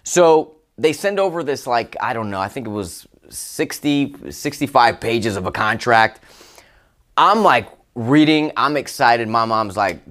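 A man hosting his own motivational podcast, telling a personal story with emphatic, excited exclamations. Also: medium pitch, measured pace. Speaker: podcast host.

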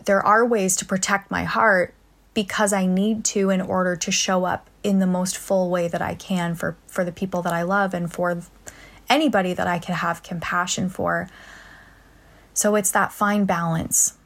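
A young adult woman hosting a reflective solo podcast, soft-spoken and earnest, pausing often. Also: lowish voice, little pitch movement. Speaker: podcast host.

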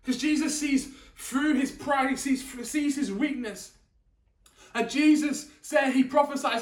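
A man's voice: very high voice, unhurried. A man preaching a sermon in a conversational way, restarting words and asking the audience questions, in a church hall. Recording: echoey room, distant mic.

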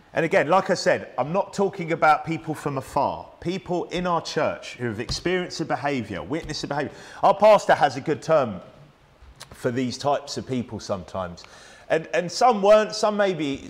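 A man preaching a sermon, conversational and emphatic, often asking his listeners rhetorical questions. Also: medium pitch.

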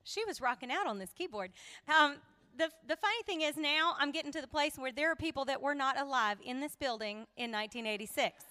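Her voice sits high and expressive, a little fast and sharp in tone. She's a playful Southern woman from South Carolina, laughing often as she tells stories to a women's church gathering.

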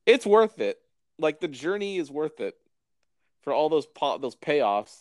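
A man's voice: fairly high pitch, very animated, measured pace, no echo, studio quality. A man co-hosting a podcast in casual chat, swearing and enthusiastic, sighing now and then. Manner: profane, enthusiastic, sighs often. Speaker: podcast co-host.

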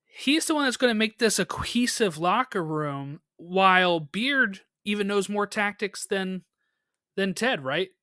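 Podcast co-host, casual recap chat, animated delivery, crisp tone, dry sound. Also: mid-range voice, no room sound. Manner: animated, quick bursts with laughs.

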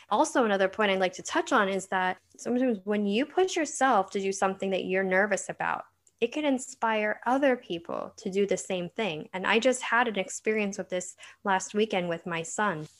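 A middle-aged woman, an author being interviewed, telling personal stories in an earnest, chatty way and laughing often. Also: medium pitch. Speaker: author guest. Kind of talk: casual interview chat.

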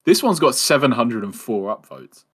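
A man's voice: mid-range voice, sing-song, moderate pace, slightly rough. A man co-hosting a casual podcast, reading short horror stories aloud in a laid-back, hesitant way. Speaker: podcast co-host.

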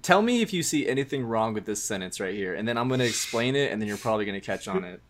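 A man's voice: on the low side, expressive, fast talker, a little hiss or hum. Give me a young man in casual podcast chat, defensive and profane. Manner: defensive, swears a lot, laughs easily. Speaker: podcast co-host.

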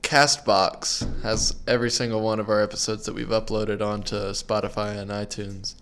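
A man's voice: on the low side, little pitch movement, normal speed, fairly bright tone, smooth. A young man co-hosting a casual podcast, chatting and cutting in with jokes and questions. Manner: chatty, interjecting and joking. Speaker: podcast co-host. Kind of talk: casual chat.

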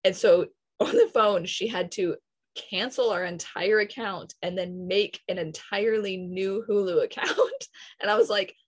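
A woman's voice: mid-range voice, unhurried, rough recording. A young woman telling a story in casual chat, quoting others as she goes.

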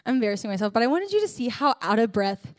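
A woman's voice: a little high, big pitch swings, rapid-fire. A young woman giving a humorous, chatty sermon testimony as a church speaker, joking and talking straight to the congregation.

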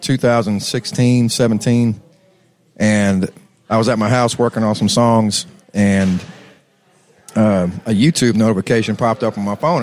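Low-voiced texan guy rambling through a story, laughing a lot, easygoing. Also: a little mellow. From Texas. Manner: laid-back, rambling, laughs often. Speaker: musician guest. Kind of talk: casual storytelling chat.

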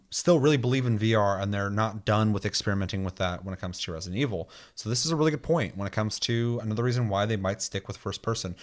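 A man hosting a casual podcast chat, animated and swearing freely as he rants. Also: fairly low pitch. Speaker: podcast host.

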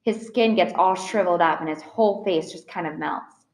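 A woman's voice: fairly low pitch, moderate pace. Audiobook reader: a woman, earnest first-person narration, roomy echo.

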